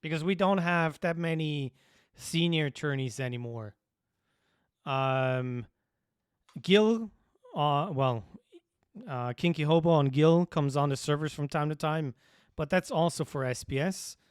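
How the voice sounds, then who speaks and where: Man, smooth clear voice. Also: on the high side, unhurried, dry recording, studio quality. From Switzerland. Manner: rambling, thinks aloud, chuckles at his own ideas. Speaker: livestreamer. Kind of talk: casual stream chat.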